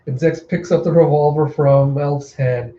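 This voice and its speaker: Brief: casual male host narrating a comic, mellow tone, echoey and a bit muffled. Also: a little high, unhurried. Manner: chatty, animated, self-interrupting. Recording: roomy, slightly dull home recording.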